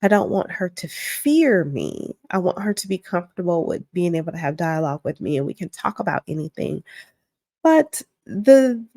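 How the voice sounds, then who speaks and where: A woman's voice: on the low side, sing-song, normal speed, creaky, a little mellow, no room sound. Candid woman podcast host, dry close sound. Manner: candid, reflective, conversational. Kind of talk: casual solo podcast talk.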